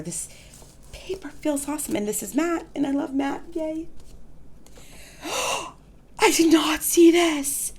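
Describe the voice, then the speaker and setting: A woman chatting casually in an unboxing vlog, gushing with excitement, gasping and exclaiming softly as she shows off planner supplies at her desk. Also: a little high, slight background noise. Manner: gushing, excitable, frequent gasps and soft exclamations.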